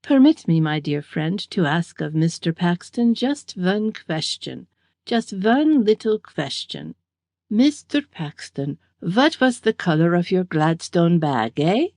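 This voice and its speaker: A woman's voice: mid-range voice, lively intonation, unhurried, hardly any pauses, darkish tone, dry recording, clean studio sound, lightly acted. A woman voicing a sinister, gaunt German-American man who needles with a mocking "eh?" in an audiobook. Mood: insinuating. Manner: needling, repeats himself with a mocking "eh?".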